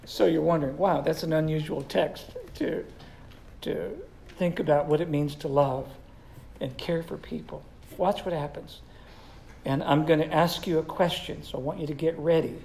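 A woman leads a Bible class with a gravelly, low voice. She teases her listeners and calls on them by name with questions. Her delivery is relaxed and conversational rather than preachy. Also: moderate pace, a little hiss or hum, rough recording. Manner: joking, quizzes listeners by name. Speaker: Bible study teacher. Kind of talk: interactive Bible teaching.

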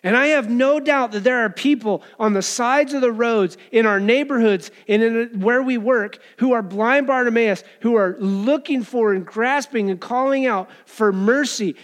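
A man's voice: extremely high pitch, moderate pace, hardly any pauses. A pastor preaching a conversational sermon to his church, acting out voices from the story. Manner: conversational preaching, acts out crowd and beggar voices.

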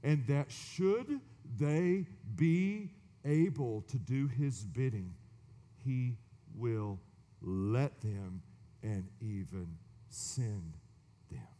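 A man's voice: mid-range voice, extremely slow, warm tone, long reverb tail. A man preaching a sermon, dramatic, dropping to whispers and rising for emphasis, with sarcastic asides. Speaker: pastor.

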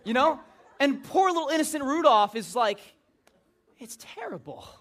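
A man's voice: extremely high pitch, very animated, moderate pace, fairly bright tone. A man preaching an informal sermon in a joking, conversational way.

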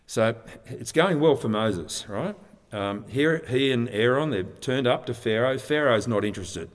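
A man's voice: mid-range voice, lively intonation, moderate pace. A man preaching a sermon from a handout, earnest and emphatic as he teaches scripture. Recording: long reverb of a large hall.

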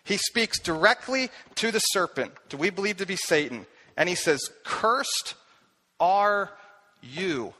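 A man preaching a sermon, telling the story with animated delivery and acting out the voices he quotes. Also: high-pitched, moderate pace. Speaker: pastor.

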